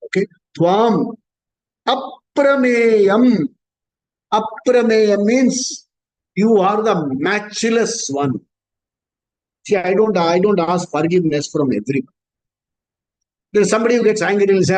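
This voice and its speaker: A middle-aged man with an Indian accent teaching scripture in a conversational way, slowly chanting Sanskrit verses between everyday examples. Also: high-pitched, a little mellow, poor audio. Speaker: spiritual teacher. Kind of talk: scripture class talk.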